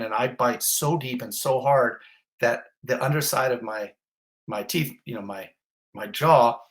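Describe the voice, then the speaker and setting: A man's voice: mid-range voice, fairly bright tone. Blunt, intense man telling his story. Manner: vivid, blunt storytelling with swearing. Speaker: fire captain. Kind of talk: intense first-person retelling.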